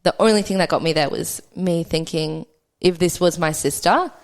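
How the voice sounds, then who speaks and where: A young woman speaks in a fairly low voice, talking quickly and conversationally as a podcast guest. She tells her own story candidly and often acts out past dialogue.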